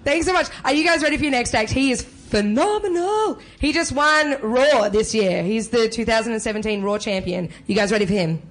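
A woman acting as the comedy-show MC. She hypes up the crowd and introduces the acts in a crude, energetic way. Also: fairly high pitch, a little fast, few pauses. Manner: hyped-up and crude, whipping up the crowd. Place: comedy club stage.

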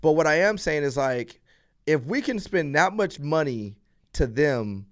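A man speaking as a guest on a casual podcast, his voice pitched a little high. He explains his points earnestly, often restarting his sentences mid-thought. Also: sing-song, measured pace. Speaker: podcast guest, police officer. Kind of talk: casual interview chat.

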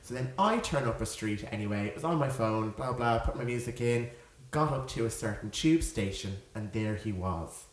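A young man in his twenties, a podcast co-host, telling an animated story in casual chat, often laughing and acting out quotes. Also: medium pitch, moderate pace, few pauses. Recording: echoey room with faint noise.

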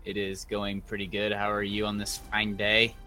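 A man's voice: lowish voice, completely flat delivery, moderate pace, bright, forceful tone, soft background music. A man co-hosting a casual esports podcast, laid-back and chatty. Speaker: podcast co-host.

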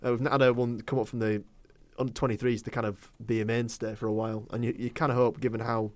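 Chatty guy on a footy podcast, talks quick, dry close mic. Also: mid-range voice, flat delivery, no room sound. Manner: chatty, laughs often, opinionated. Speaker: podcast co-host. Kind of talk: casual football podcast chat.

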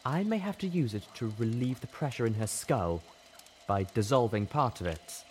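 A man voicing a calm, serene male pony healer who speaks in a measured way. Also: medium pitch, a little hiss or hum, pitched above the performer's own voice, close to an everyday voice.

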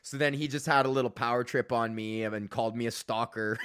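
A young man, hosting a podcast in a casual, profane rant, animated and mocking the people he quotes. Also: medium pitch, brisk, hardly any pauses, clear, resonant tone. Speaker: podcast host.

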